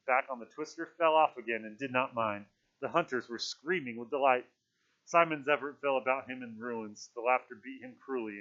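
A man's voice: mid-range voice, pushed and bright. A man reading a novel aloud to a class, with casual asides. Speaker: teacher. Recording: dull lo-fi recording.

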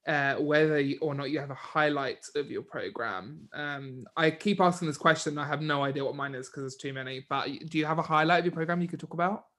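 A young British man with a slightly high voice hosts a relaxed conversation. He encourages his guest and asks easy, open questions. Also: a little fast, few pauses. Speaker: host. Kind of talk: casual interview chat.

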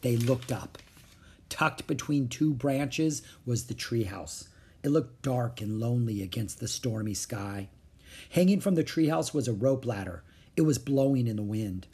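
A man reading a children's chapter book aloud with expressive, varied intonation. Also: mid-range voice, a little slow, husky. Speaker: audiobook narrator.

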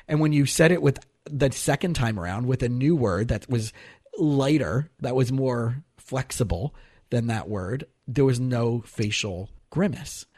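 Man, podcast host, husky, dry close sound, thoughtful storytelling. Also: medium pitch, a little mellow, no echo. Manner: thoughtful, tells stories from his practice with restarts. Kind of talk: conversational interview.

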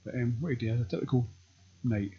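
Husky Scottish man rambling crudely. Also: mid-range voice, quick pace. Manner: crude, meandering, deadpan. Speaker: vlogger. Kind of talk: rambling comic monologue. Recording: dull lo-fi recording.

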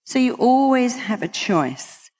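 A woman's voice: fairly high pitch, big pitch swings, slow pace, a little mellow, in a large hall, a little hiss or hum. A British woman, a hypnotherapist, giving an emphatic motivational talk to an audience and quoting people in acted voices. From Britain. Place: large hall with an audience.

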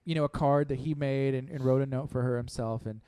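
A man's voice: medium pitch, steady tone, brisk, dark tone, smooth, dry recording. A man in his thirties co-hosting a morning radio show, chatting casually and rambling with frequent laughs.

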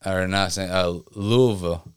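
Podcast co-host: Connecticut man, deep and smooth, swears freely, laughs a lot. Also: fairly even intonation, moderate pace, dry recording. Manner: profane, laughs often, imitates accents. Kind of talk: casual chat.

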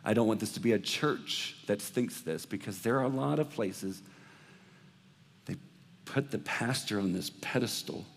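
A male pastor preaching a sermon in a church, swinging between loud emphatic bursts and hushed, soft passages. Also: lowish voice, animated, moderate pace, vocal fry, long reverb tail. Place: church hall, preaching from the floor.

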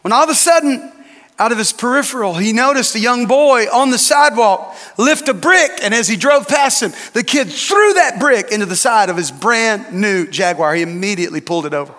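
A man's voice: sits high, animated, brisk, bright, forceful tone, long reverb tail. A man, a lead pastor, preaching a sermon with emphatic, dramatic repetition.

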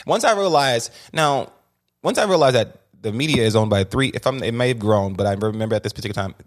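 A man chatting as a guest on a podcast, animated and opinionated, often restarting his sentences. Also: mid-range voice, fast talker. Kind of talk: casual podcast conversation.

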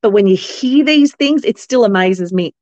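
Aussie woman chatting away in a podcast interview, mid pitch, flat dull sound, no room echo. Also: moderate pace. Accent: Australian. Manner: chatty storytelling, many fillers and restarts; animated quoting of others' voices. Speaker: guest, company founder.

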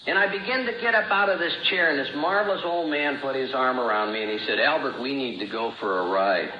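A man's voice: medium pitch, fast, a little hiss or hum. Man telling his story in a roomy hall. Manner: plain-spoken storytelling, acting out remembered dialogue. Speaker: speaker sharing his recovery story. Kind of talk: personal testimony at a recovery meeting. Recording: roomy, dull old talk recording.

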